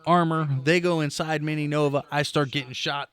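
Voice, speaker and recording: A man's voice: on the high side, fairly even intonation, fairly quick, fairly bright tone, clean tone. A middle-aged man co-hosting a podcast, casually telling a game story with swearing and mouth sound effects. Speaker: podcast co-host. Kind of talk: casual chat.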